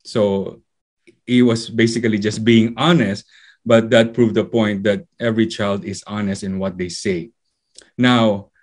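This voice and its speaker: A man's voice: fairly low pitch, darkish tone, slightly rough. A man from the Philippines, preaching a sermon in a conversational, storytelling way with frequent fillers.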